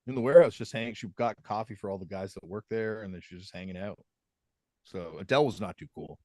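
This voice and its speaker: A man's voice: lowish voice, quick pace, warm tone, no echo, clean studio sound. A man co-hosting a podcast, telling stories in a laid-back casual way with lots of fillers. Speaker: podcast co-host. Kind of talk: casual chat.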